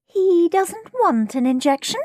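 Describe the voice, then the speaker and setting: A stern, no-nonsense nurse from a children's storybook, giving firm orders in a high, clipped voice, as a woman narrator puts her on. Her tone is bossy and leaves no room for argument. The sound is close and dry. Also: very animated, measured pace, darkish tone, dry recording, exaggerated voice. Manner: firm, commanding.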